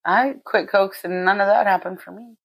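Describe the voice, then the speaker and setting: A woman's voice: mid-range voice, fairly even intonation, moderate pace, gravelly, breathy edge, rough recording. A woman co-hosting a podcast, chatting in an easygoing way with short, agreeing replies. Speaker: podcast co-host. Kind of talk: casual chat.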